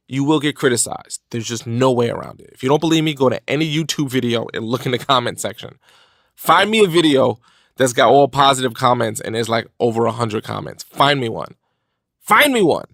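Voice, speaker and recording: A man hosting a motivational podcast, talking in an energetic, casual way with slang. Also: medium pitch, vocal fry, dry recording, studio quality. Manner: energetic, animated, conversational with slang. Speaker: podcast host.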